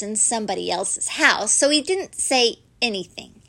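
A woman gently reading a children's story aloud, unhurried and expressive. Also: mid-range voice, vocal fry.

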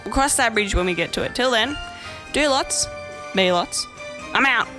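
A woman's voice: on the high side, moderate pace, music in the background. Blunt chatty Australian woman in her twenties. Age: 20s. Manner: chatty, blunt, animated storytelling with acted-out quotes. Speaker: podcast host. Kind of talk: casual monologue.

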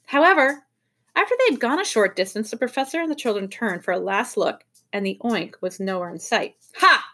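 Lively teacher reading a kids' book. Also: female voice, mid-range voice, a little fast. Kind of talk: reading a children's novel aloud to a class.

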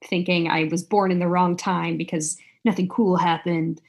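A woman hosts an interview in a low, husky voice with plenty of vocal fry. She talks slowly, in a reflective and soft-spoken way. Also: little pitch movement. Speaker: podcast host. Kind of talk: casual interview talk.

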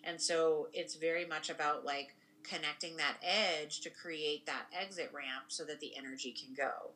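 A woman's voice: deep voice, fairly even intonation, moderate pace, sharp tone, rough recording. A young woman co-hosting a podcast in casual conversation, rambling and tagging her points with "right?". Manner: rambling, frequent "right?" tag questions. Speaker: podcast co-host and spiritual practitioner.

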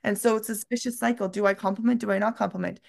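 A woman's voice: medium pitch, steady tone, racing, vocal fry, no room sound, studio quality. A woman hosting a podcast, speaking in an earnest, reflective way in a casual chat. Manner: earnest, reflective, retelling stories. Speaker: podcast host.

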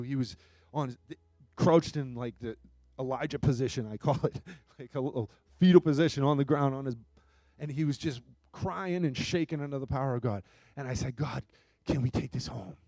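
A man preaching a sermon and telling a story, his voice swinging between hushed moments and loud, emphatic bursts. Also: mid-range voice, dry recording. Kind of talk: sermon testimony.

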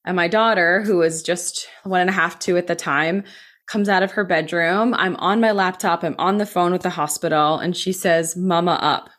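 American woman in her 30s, kinda low voice, talks fast and open about her job, lots of "like". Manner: candid, animated, fast bursts with filler likes. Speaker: physician assistant. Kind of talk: personal storytelling.

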